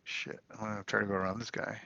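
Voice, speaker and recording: A man's voice: lowish voice, little pitch movement, quick pace, vocal fry, pushed and bright, no echo. A man playing in a tabletop game, eager and blunt, swearing and counting his moves aloud. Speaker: player. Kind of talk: casual chat during a tabletop game. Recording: dull, lo-fi stream audio.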